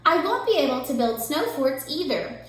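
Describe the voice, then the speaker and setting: A woman's voice: high-pitched, very animated, moderate pace. A woman voicing a cranky bunny in a storybook reading, grumbling and complaining. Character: grumbling bunny who loves winter. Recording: very echoey room.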